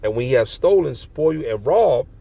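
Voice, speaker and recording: A man's voice: medium pitch, expressive, normal speed, vocal fry, mellow. A man reading scripture verse by verse and explaining it in slangy, profane street talk. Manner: reads verses then riffs in slangy, profane commentary. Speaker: street preacher.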